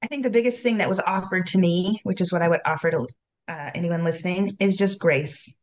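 A woman's voice: on the low side, brisk, a little hiss or hum. A woman speaking as a podcast guest, candid and chatty, often breaking off and restarting her sentences. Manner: candid, chatty, self-interrupting. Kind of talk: casual conversational interview.

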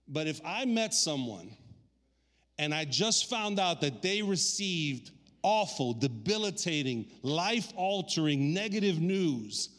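A man preaching a sermon with animated delivery. He acts out quoted voices and drops low and quiet for inner thoughts. His voice sits a little high, with a long reverb trailing behind it in a large hall. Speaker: pastor.

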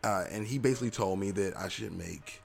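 Young male podcast host with a lowish, gravelly voice. Rambling, self-deprecating and playful. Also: brisk. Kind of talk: casual solo podcast chat.

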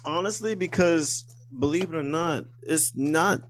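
A man's voice: on the high side, measured pace. A young man co-hosting a podcast, laid-back and slangy, often hesitating as he talks. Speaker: podcast co-host. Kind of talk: casual chat.

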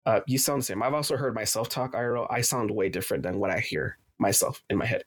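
A man's voice: fairly low pitch, fast. A man hosting a casual gaming podcast, joking and rambling with restarts. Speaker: podcast host and editor. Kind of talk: casual chat.

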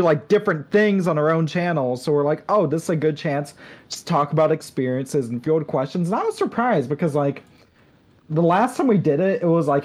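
A woman's voice: deep voice, darkish tone. A woman co-hosting a podcast, telling a rambling story in casual chat, full of fillers and restarts. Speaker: podcast co-host.

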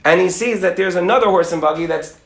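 Rabbi telling a story with voices; high-pitched man, room echo. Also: fast, vocal fry, a bit bright. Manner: acts out characters' voices, Yiddish and Hebrew words, laughs. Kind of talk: animated storytelling talk.

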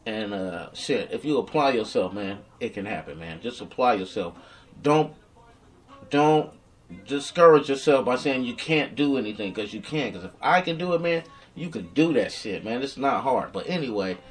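A man telling his story to an interviewer in a rambling, profane, rapid-fire way, with a slight slur from a dental retainer. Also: mid-range voice, animated. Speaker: interview guest. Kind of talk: casual storytelling chat. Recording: distant from the mic.

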